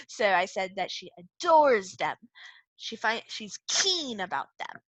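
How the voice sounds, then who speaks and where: A woman teaching a reading lesson to young children, playful and animated, often laughing as she explains. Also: medium pitch, slow, no room sound. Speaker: second-grade teacher.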